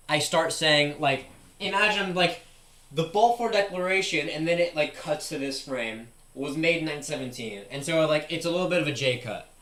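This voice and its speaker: A man's voice: on the high side, fairly bright tone. A young man streaming live, thinking aloud in casual chat with lots of "like" fillers.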